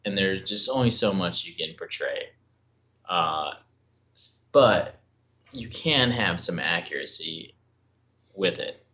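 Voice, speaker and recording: A man co-hosting a casual podcast discussion, ranting in an animated way with frequent swearing. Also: deep voice, slow pace, pauses often.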